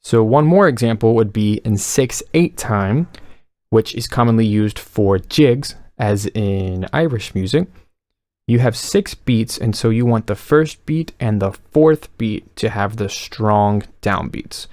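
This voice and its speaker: A man explaining melody writing techniques in a calm, instructional way, counting beats aloud. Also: fairly low pitch, takes it slowly, no room sound, clean studio sound. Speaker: music composition teacher.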